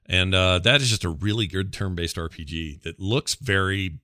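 A man with a low, forceful voice rambles through casual chat as a podcast co-host, often stopping to correct himself. The recording is dry and close, with no room sound. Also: moderate pace, dry recording. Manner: rambling, with fillers and self-corrections.

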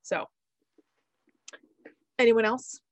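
A woman hosting a podcast, talking in a relaxed, reflective, chatty way. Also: extremely slow, no room sound. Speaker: podcast host. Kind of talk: casual podcast chat.

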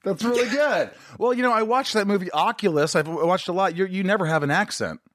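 A man's voice: high voice, fast, dry recording, clean studio sound. A middle-aged American man hosting a podcast, chatting casually and joking at his own expense. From United States. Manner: joking, self-deprecating, animated. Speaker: podcast host. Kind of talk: casual interview chat.

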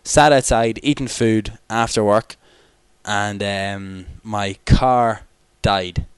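A man's voice: fairly low pitch, steady tone, slow, smooth, no echo. A young man co-hosting a podcast in rambling, jokey, tired late-night chat. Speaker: podcast co-host. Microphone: external microphone.

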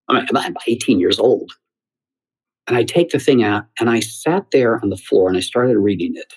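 A middle-aged man from the United States tells stories in an animated, chatty way. He often repeats words and quotes himself. His voice sits low and has a husky, slightly breathy grain. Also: fairly quick, poor audio. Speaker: theater critic and guest. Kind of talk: anecdotal storytelling in conversation.

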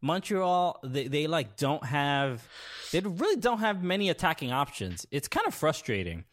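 A man hosting a sports podcast, recapping games in a casual, halting way with many restarts. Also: fairly high pitch, huge pitch swings. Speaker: podcast host.

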